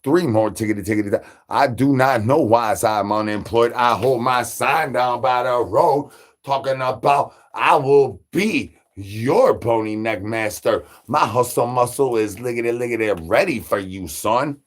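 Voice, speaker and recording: A man's voice: mid-range voice, measured pace. A man delivering absurd comedy, rambling through nonsense with rhyming wordplay and stutters. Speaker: comedy channel creator.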